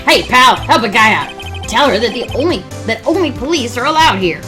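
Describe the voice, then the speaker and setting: A gruff, bumbling male detective, played by a woman who keeps calling people pal. The voice sits lower than hers but still moves around a lot, with game music playing underneath. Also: lively intonation, normal speed, lightly acted. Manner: gruff, drops "pal" often.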